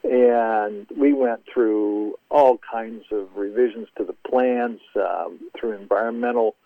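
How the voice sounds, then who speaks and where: Guest: older architect, Midwest-raised, rambling anecdotal delivery, dry tinny phone audio. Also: male voice, on the low side, takes it slowly, vocal fry, dry recording. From American Midwest. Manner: anecdotal, chuckling, repeats words. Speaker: golf course architect. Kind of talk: casual storytelling interview.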